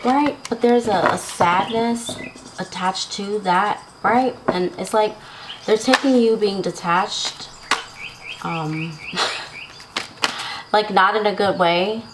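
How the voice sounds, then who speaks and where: A woman's voice: mid-range voice, takes it slowly, pauses often, noisy background. A woman giving a casual tarot reading to her viewers, chatty and laughing often, checking in with "right?" and "okay?". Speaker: tarot reader.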